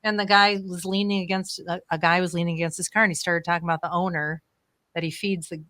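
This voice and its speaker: Woman, radio talk, lively anecdotes, bright tone, dry room. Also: on the low side, fast talker, no echo. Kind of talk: casual chat.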